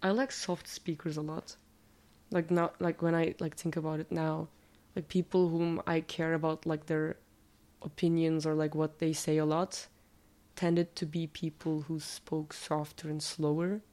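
A woman's voice: low-pitched, flat delivery, measured pace, a little mellow. A woman from Turkey whose first language is Turkish, answering interview questions in a casual, chatty way, with a slightly nasal voice and many fillers.

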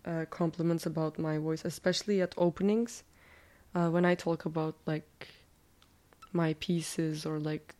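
A woman's voice: low-pitched, dark tone. A woman from Turkey whose first language is Turkish, answering interview questions in a casual, chatty way, with a slightly nasal voice and many fillers.

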